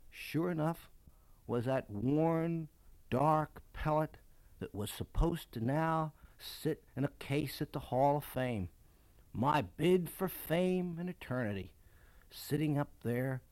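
A man from Baltimore, a children's book author, reading his childhood memoir aloud with expressive, dramatic storytelling. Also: a little high, measured pace, dry recording.

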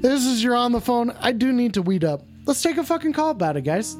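A man's voice: very high-pitched, animated, quick pace, a little mellow, faint music behind. A man hosting a mock call-in show, talking in a brash, profane, mocking way. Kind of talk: crude comedic streaming banter.

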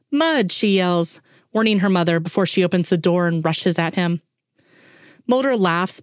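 A woman reading fan fiction aloud in a steady, unhurried way. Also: lowish voice, no echo, clean studio sound. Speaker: reader.

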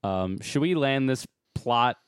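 A chatty man sums up a film's plot on a podcast in amused, casual talk. His voice sits in a middle pitch and sounds dry and close. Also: expressive, takes it slowly, clear, resonant tone, no echo. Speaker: podcast co-host. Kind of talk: casual chat.

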